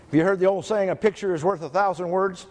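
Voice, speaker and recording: A male pastor preaching a sermon to his church, reading scripture slowly and stressing single words. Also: high voice, a little hiss or hum. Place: church sanctuary. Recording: echoey church hall.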